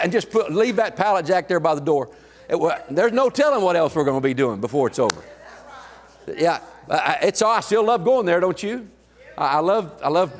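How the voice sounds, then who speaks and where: A man preaching a sermon, telling folksy stories in a halting way with many restarts. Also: a little high, big-room sound. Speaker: pastor. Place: church sanctuary.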